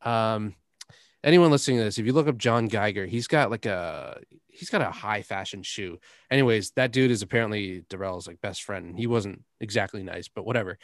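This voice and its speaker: A man's voice: fairly low pitch, brisk, dry recording. Young man, podcast host, rambling anecdotal delivery, dead-dry close mic. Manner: rambling storyteller, laughs often, drops curses. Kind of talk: casual chat.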